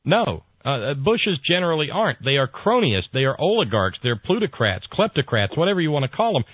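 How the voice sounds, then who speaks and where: A man's voice: fairly high pitch, sing-song, husky, dry recording. Man hosting talk radio over a tinny line. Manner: halting, restarts, then folksy joke-telling. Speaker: talk show host. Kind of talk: political talk radio discussion. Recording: tinny phone-like dry sound.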